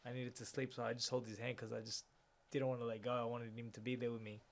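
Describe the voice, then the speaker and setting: A young man tells his story as a guest in a conversation, his voice rough and gravelly. He keeps it flat and even, speaking quietly and reflectively, often sinking softer. Faint ambience hums behind him. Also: medium pitch, quick pace, slight background noise. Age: young adult.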